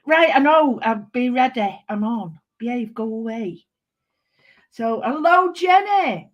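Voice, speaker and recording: A woman's voice: fairly high pitch, animated, takes it slowly, lo-fi sound, faint music behind. Bubbly Mancunian woman hosting a craft stream. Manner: chatty and bubbly, greets viewers by name. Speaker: craft channel host. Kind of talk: live-stream craft chat.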